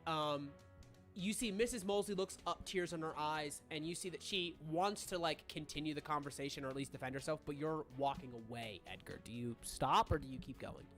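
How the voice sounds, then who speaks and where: A game master talking through a tabletop murder mystery in a loose, rambling way, full of fillers and restarts. The voice sits at a middling pitch, with faint music playing behind. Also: fairly quick, a bit bright.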